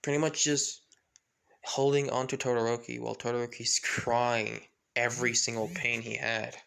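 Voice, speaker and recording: A man's voice: mid-range voice, flat delivery, moderate pace, creaky, a bit bright, clean tone. Casual man retelling a fan story. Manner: rambling with many fillers and restarts.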